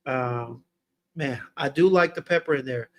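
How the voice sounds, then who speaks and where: A man's voice: medium pitch, a little slow. A laid-back man hosting a casual livestream fragrance review, chatting with his viewers in slang. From Texas.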